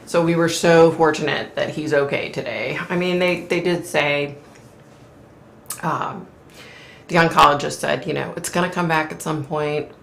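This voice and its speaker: Low gravelly woman chatting in echoey room. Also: fairly even intonation, normal speed, fairly bright tone. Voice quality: mentions losing her voice, clears throat often. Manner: chatty, opinionated, frequent fillers. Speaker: host. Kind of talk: casual live-stream chat.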